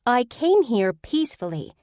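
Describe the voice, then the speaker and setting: A prim, serene witch with a low voice, read by a woman. She speaks calmly and formally, even when pushed. The sound is close and dry. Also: normal speed, no room sound. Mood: stern. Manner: calm, primly formal.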